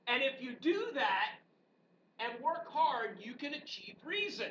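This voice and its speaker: High, bright-voiced woman teacher lecturing. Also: takes it slowly, pauses often. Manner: animated and joking, with rhetorical questions to the class. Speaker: high school history teacher. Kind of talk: classroom lecture. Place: classroom. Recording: dull, distant classroom recording with faint background noise.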